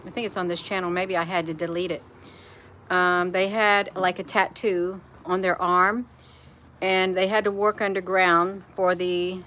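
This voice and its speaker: Rambling chatty woman, bright voice. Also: fairly low pitch. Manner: rambling, chatty, addresses viewers as "you all". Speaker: live-stream host. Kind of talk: casual live-stream chat.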